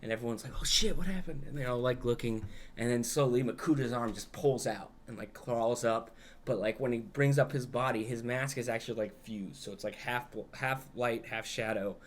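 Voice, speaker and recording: A man's voice: medium pitch, fairly even intonation, moderate pace. A young adult man, a podcast co-host, recapping a film in a rambling, casual way, peppered with "like" and swearing.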